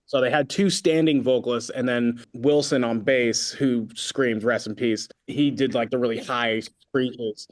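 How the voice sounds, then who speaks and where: A man's voice: mid-range voice, a little slow, hardly any pauses. A man from California, a band vocalist as an interview guest, telling stories in a rambling way with lots of fillers. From Concord, California. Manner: rambling, filler-heavy, animated storytelling. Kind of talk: casual interview chat.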